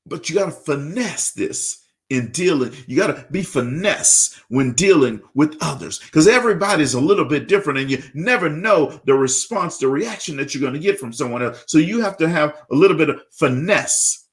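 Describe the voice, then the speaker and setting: A man's voice: on the high side, animated, normal speed, few pauses. A man hosting a leadership talk show on the radio, who speaks straight to his listeners in a preachy tone and often repeats words while searching for the right phrase.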